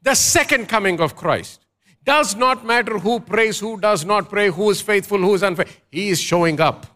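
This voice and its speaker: A man's voice: high-pitched, normal speed, bright, forceful tone. A man preaching a sermon as pastor, emphatic, asking the congregation questions and leading call-and-response.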